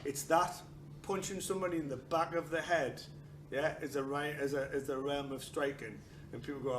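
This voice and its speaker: A man's voice: fairly high pitch, steady tone, normal speed. Joking man teaching a class. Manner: joking, swears, acts out quotes. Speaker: martial arts instructor. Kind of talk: class instruction with humor. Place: training hall. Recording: echoey hall with noise.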